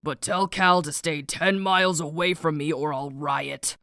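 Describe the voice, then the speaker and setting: A woman's voice: low voice, measured pace, pushed and bright, dry recording, studio quality, voice pushed down, exaggerated voice. A woman voicing a grumpy, bitter middle-aged man in a sarcastic grumble.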